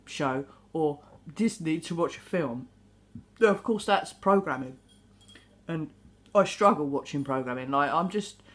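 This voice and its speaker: A woman talking to camera in a rambling, animated monologue, swearing now and then. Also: low voice. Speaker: vlogger.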